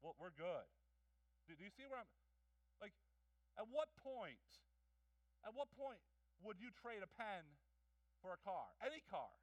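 A male pastor preaching in a church, telling stories in an animated way with jokes and acted-out voices. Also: sits high, measured pace, long pauses, no echo, far from the mic, poor audio. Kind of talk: sermon. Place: church hall.

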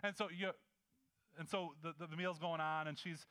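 A man preaching a sermon in a conversational, animated way, acting out the scenes he describes. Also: on the high side, moderate pace, smooth. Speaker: pastor.

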